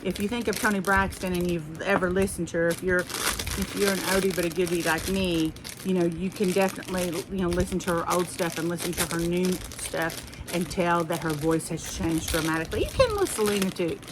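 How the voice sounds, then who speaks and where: A woman's voice: on the low side, brisk, background noise. A middle-aged woman with a Southern US accent, chatting casually and rambling through a haul video for her viewers. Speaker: haul vlogger.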